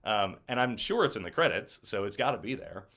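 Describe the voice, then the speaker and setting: Young guy telling set stories in an interview, lowish voice, chatty, lots of likes and ums. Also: fairly quick. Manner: animated storyteller, acts out quotes. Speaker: actor guest. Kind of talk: casual interview chat.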